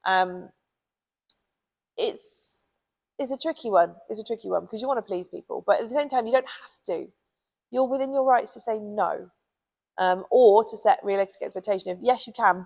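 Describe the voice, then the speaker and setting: A British woman with a gravelly, fry-edged voice chatting casually as a dog trainer. She talks in a loose, friendly way, filling gaps with ums and you knows. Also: mid-range voice, low-quality recording. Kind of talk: casual advice talk.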